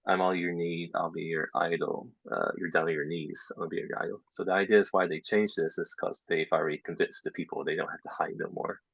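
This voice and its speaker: Male workshop presenter, deep and husky, casual explainer for teachers, dull lo-fi recording. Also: steady tone, brisk, few pauses, no echo. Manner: explains step by step, drops into soft half-whispered asides. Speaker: English teacher trainer. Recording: dull lo-fi sound.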